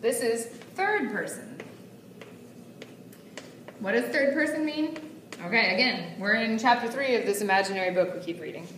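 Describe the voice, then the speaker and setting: A woman's voice: fairly high pitch, animated, moderate pace, long pauses, fairly bright tone, a little hiss or hum. A woman teaches a Spanish lesson at a whiteboard in a chatty manner, checking in with her class every few lines. She is heard from some distance in an echoey classroom. Faint room ambience sits under her voice. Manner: chatty, checks in often with okay and bien.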